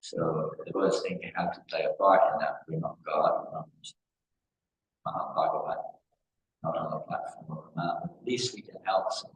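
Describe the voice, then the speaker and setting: A very deep male voice from England delivers a devotional talk in a loose, storytelling way, circling back on his phrases. The recording is roomy, with the echo of a large temple hall. Faint background noise sits under the voice. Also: little pitch movement, moderate pace. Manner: rambling storytelling with repeated phrases. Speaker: spiritual teacher. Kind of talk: devotional discourse.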